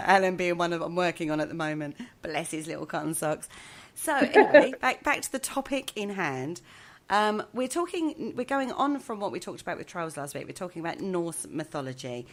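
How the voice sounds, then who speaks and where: A woman's voice: deep voice, lively intonation, a little fast. A woman hosting a casual podcast, playful and teasing. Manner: playful, teasing, laughs often. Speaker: host.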